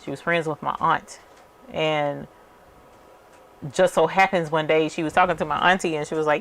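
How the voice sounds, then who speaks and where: Sitting low with a steady tone at normal speed, a woman's voice pauses often as she tells a story while working on her crafting channel. She's chatty and casual, with lots of fillers, and addresses viewers as y'all.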